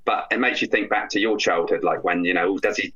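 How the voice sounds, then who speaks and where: Male co-host, husky and bright, rambling chatter, dull lo-fi recording. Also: deep voice, a little fast. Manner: rambling, many restarts and fillers. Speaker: podcast co-host. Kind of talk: casual chat. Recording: dull lo-fi sound.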